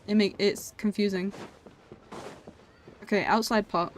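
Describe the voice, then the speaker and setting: A woman's voice: medium pitch, fairly even intonation, a little hiss or hum. A young woman streaming a game, chatting playfully with her viewers. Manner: playful, chatty, talks to viewers with quick laughs. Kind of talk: casual live-stream chat while playing.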